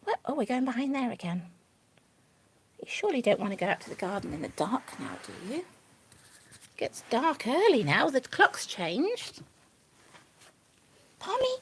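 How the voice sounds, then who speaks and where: A woman's voice: sits high, huge pitch swings, a little slow, pauses often, a little hiss or hum. A woman on a home live stream, coaxing and cooing at her pet rabbit in sing-song baby talk. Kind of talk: doting chat to a pet rabbit. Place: living room at home.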